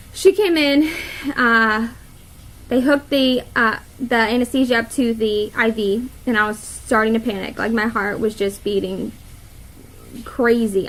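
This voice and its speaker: A woman's voice: on the high side, fairly bright tone, rough recording. A young woman telling a story to the camera in a casual vlog, chatty, with many fillers and laughs. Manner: chatty, many fillers and quoted inner thoughts, laughs often. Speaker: vlogger.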